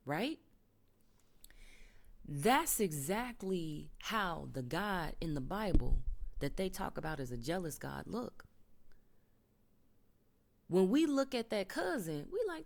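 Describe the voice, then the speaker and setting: At home, with a TV nearby, a woman vlogger gives an unscripted spiritual monologue. Her voice is lowish and darkish in tone, very animated yet a little slow. She is emphatic and profane, often dropping into whispers.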